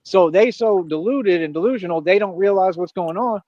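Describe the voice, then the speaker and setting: This livestream rant finds a man bragging and squaring off against critics, repeatedly asking "what are you talking about." He speaks at a moderate pace in a high, mellow voice, with no room sound and dull audio.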